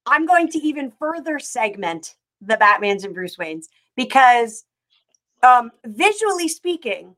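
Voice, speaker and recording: A woman's voice: a little high, unhurried. Chatty woman rambling about films. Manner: rambling, animated, many fillers. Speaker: podcast co-host. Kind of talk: casual chat.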